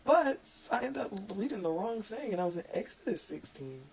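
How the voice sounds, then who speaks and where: Woman, informal devotional speaker; earnest delivery, some vocal fry. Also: a little high, sing-song, a little mellow, a little hiss or hum, low-quality recording. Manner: earnest, informal, stumbles over words; reads scripture aloud haltingly. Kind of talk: casual devotional talk.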